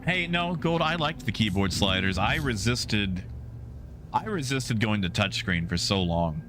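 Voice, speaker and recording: A man's voice: fairly low pitch, animated, a little slow, background noise. A male game streamer chatting casually with his live viewers in a rambling, easygoing way with many fillers.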